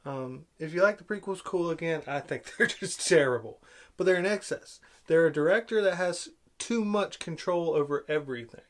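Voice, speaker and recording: A man giving a casual, opinionated film review, sarcastic and exasperated, with big swings in loudness. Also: on the high side, normal speed.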